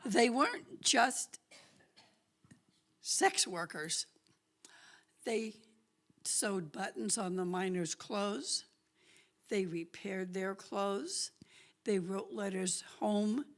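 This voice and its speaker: A woman telling a lively story at a church talk, chatty and laughing often. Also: mid-range voice. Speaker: guest speaker.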